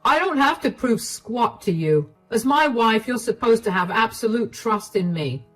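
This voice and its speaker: A man's voice: extremely high pitch, expressive, moderate pace, fairly bright tone, soft background music, heavily acted. A woman voicing a lazy, defensive unemployed husband in a narrated story, with a whiny, evasive way of talking.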